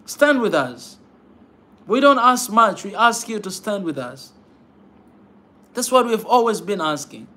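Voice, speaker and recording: Fervent high-voiced man rallying his viewers. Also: pushed and bright. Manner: fervent, repetitive, keeps saying "man". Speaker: host of a pan-African channel. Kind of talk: impassioned livestream talk to viewers.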